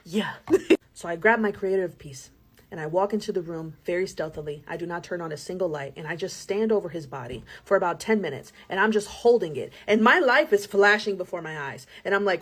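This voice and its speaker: A young woman telling a personal story in a casual, animated storytime style, with laughs and dramatic asides. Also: on the low side, a little fast.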